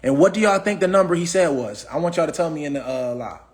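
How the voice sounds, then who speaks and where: Brief: high-pitched man, AAVE, preachy livestream motivational speaker, repeats himself. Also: expressive, fast. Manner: preachy, repetitive, asks the audience questions. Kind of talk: casual motivational talk.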